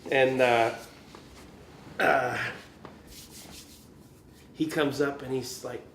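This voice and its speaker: A man's voice: medium pitch, fairly even intonation, very slow, creaky, fairly bright tone, slight background noise. A male guest musician telling gig stories in a casual, rambling way, full of "you know" fillers and chuckles. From Chicago area, US. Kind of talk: casual storytelling. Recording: roomy echo.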